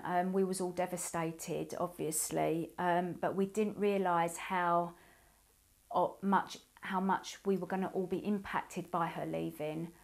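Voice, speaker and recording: Woman in her 40s, emotional halting testimony, lots of ums and pauses. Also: lowish voice, steady tone, creaky. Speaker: abuse survivor sharing her story. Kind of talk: personal testimony.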